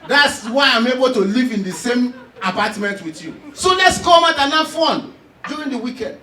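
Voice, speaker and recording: Nigerian man, very high voice, stand-up comic, shouting and laughing, echoey room, off-mic. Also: moderate pace, distant mic, slight background noise. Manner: animated, loud storytelling with laughs and shouts. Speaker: stand-up comedian. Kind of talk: stand-up comedy.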